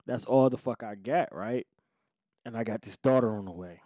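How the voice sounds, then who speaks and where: A man hosting his own show, telling a story from his life in casual, profane street slang and swinging from low muttering to loud outbursts. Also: fairly even intonation, normal speed, no echo, studio quality. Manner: profane street slang, acts out quoted voices.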